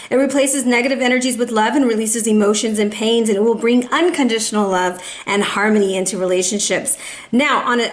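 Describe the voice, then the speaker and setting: A woman giving a casual, playful tarot reading to camera, a little out of breath. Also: on the high side. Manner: chatty, playful, sassy asides. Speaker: tarot reader.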